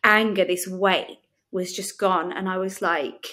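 A woman, a podcast guest giving a frank, lively personal testimony in conversation and acting out the people she quotes. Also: on the low side, measured pace. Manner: frank, lively storyteller who acts out quotes.

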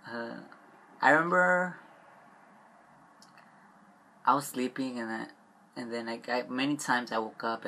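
A young man rambling in a confessional vlog, upset and stressed, halting and trailing off with frequent swearing. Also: mid-range voice, sharp tone, slight background noise.

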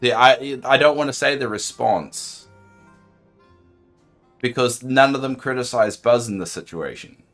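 A man from New Zealand streaming a video game, chatting casually and joking with bursts of excited exclamations. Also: mid-range voice, a little slow, long pauses, faint music behind. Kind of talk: casual live-stream commentary.

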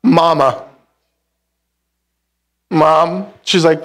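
A man's voice: a little high, normal speed, fairly bright tone. A young man preaching a sermon as pastor, telling a personal story with comic acted-out dialogue and frequent laughs. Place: church hall with live congregation.

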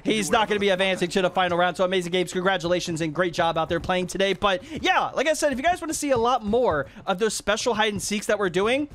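A young man hosting a hide and seek match while playing, giving animated commentary that jumps up into excited yelps. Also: sits high, quick pace, few pauses.

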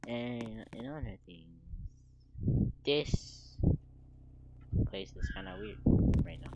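A teenage boy giving casual, rambling gameplay commentary, with sudden loud outbursts and voice cracks. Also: medium pitch, wildly swooping pitch, slow pace, creaky, long pauses. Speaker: gaming video creator. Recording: noisy home mic recording.

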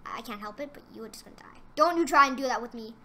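A woman doing casual gameplay commentary for her gaming channel, excitable and trash-talking her opponents, then dropping into mumbled asides. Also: on the high side, rapid-fire, a little hiss or hum.

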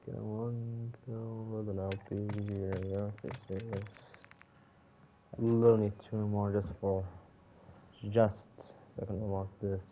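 A man's voice: fairly low pitch, little pitch movement, a little slow, noisy background. A man giving casual commentary while playing a shooter, often bursting out in frustration and swearing. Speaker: gamer.

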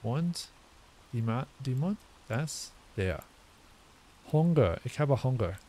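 This is casual think-aloud commentary from a man working through a language he's still learning; he sounds words out, makes guesses, and fixes his mistakes. He speaks slowly with a warm tone, medium pitch, and lively intonation.

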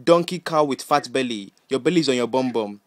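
A man playing a bossy, scolding Nigerian uncle who fires off rapid, repetitive insults in comic banter. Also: mid-range voice, expressive, natural voice. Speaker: comedy character.

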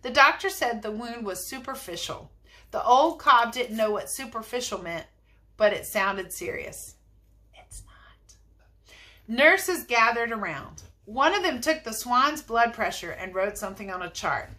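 A woman teacher reading a chapter book aloud, in an expressive, lively way. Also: on the high side, normal speed. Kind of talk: storybook read-aloud.

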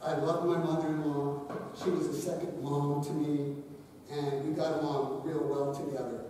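A man in his later years tells warm stories at a memorial service. His voice is mellow and slightly high. It rings through a large, reverberant hall from a distant mic with faint hiss. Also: level tone, moderate pace. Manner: gentle storytelling, light humor. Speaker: eulogy speaker, son-in-law. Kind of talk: memorial eulogy.

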